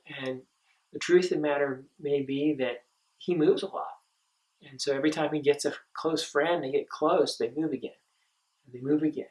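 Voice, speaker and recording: A man giving a training talk to camp counselors, earnest and halting, with frequent ums and restarts. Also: on the high side, darkish tone, distant mic, poor audio. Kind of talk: instructional talk.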